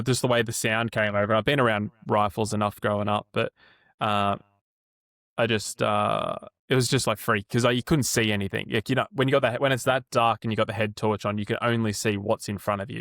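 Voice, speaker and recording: Gravelly and fairly low, this Australian podcast co-host in his twenties or thirties talks fairly quickly as he rambles through a casual, animated story, swearing freely and staying relaxed. The studio sound is clean with no echo.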